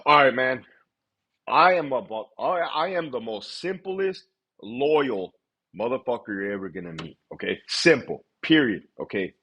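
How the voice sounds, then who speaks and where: A man hosting a casual livestream, blunt and profane, rattling through shout-outs in a quick list. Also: mid-range voice, lively intonation, husky. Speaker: livestream host.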